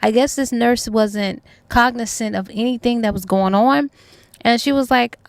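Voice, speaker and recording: Chatty woman with a higher voice. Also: moderate pace, no room sound. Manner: chatty, colloquial, acts out characters' lines. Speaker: book reviewer. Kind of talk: casual plot retelling.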